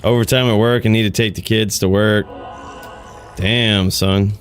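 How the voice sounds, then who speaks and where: A man's voice: lowish voice, steady tone, a little slow, faint music behind. A man streaming a video game, chatting casually with viewers, laid-back and swearing freely. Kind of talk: casual gaming commentary.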